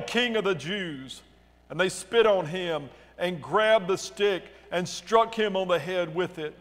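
A long reverb tail trails the high-sitting, fairly bright voice of a male pastor reading from the Bible in his church sanctuary during worship. For the quoted lines, he raises his voice and reads with dramatic emphasis.

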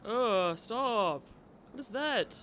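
A man commentating a horror game as he plays, talking to himself, jumpy and quick to exclaim and laugh. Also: sits high, animated, sharp tone, a little hiss or hum. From United States. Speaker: gameplay commentator. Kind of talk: let's play commentary.

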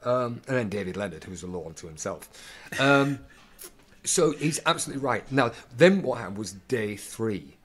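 A man, an actor guest, telling animated anecdotes in an interview, stumbling and restarting often. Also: mid-range voice, husky. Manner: animated, halting with many restarts, acts out voices in quotes.

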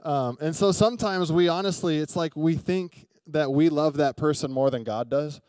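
Young guy preaching, kinda high voice, super dry close sound, chatty, keeps asking the crowd stuff. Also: moderate pace, darkish tone, no echo. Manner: conversational storytelling, asks the congregation questions. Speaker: pastor. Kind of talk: sermon. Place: church sanctuary.

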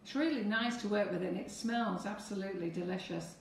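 A woman's voice: mid-range voice, brisk, vocal fry, far from the mic, a little hiss or hum. A woman teaching cake decorating on a live stream, chatting to viewers as she works through each step. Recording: echoey room, away from the mic.

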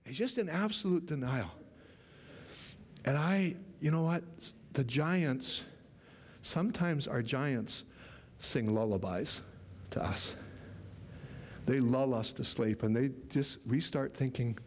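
Animated man preaching a sermon. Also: medium pitch, takes it slowly, pauses often, a little hiss or hum. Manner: animated storytelling, laughs often, repeats words. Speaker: pastor. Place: church.

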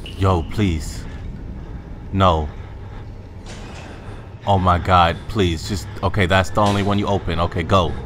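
A young man playing a horror game, swearing, talking to the character he controls and yelling high when scared. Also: fairly even intonation, slow pace, pauses often, slight background noise. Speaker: gamer. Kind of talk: horror game let's play commentary.

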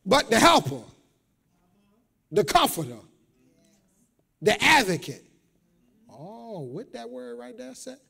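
High, lively preaching man. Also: takes it slowly, vocal fry, pauses often, husky. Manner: call-and-response preaching, rising to shouts; repeats words, talks straight to the congregation. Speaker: pastor. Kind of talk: sermon. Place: church.

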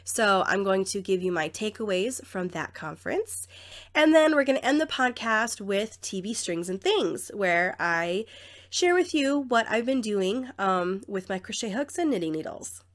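A woman's voice: mid-range voice, big pitch swings, a little slow. A woman hosting a podcast in a friendly, chatty way, her voice nasal from a cold. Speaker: podcast host, alpaca rancher. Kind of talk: casual podcast talk. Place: barn with a tin roof, rain.

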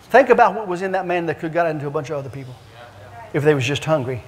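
A man evangelist preaching and telling stories in an animated, repetitive, emphatic way in a church. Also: fairly high pitch, fast. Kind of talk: preaching with storytelling. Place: church sanctuary. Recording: long church-hall reverb.

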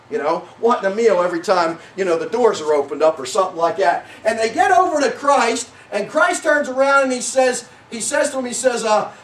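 High-voiced, excitable preaching man. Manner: animated, folksy preaching that breaks into shouts. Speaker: pastor. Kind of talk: sermon. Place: church sanctuary. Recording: echoey church from a distance.

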